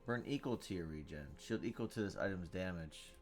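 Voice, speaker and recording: A man giving live commentary on his own game, thinking out loud, reading card text aloud and bursting into loud cheers. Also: sits low, animated, a little fast, soft background music. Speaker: gameplay streamer.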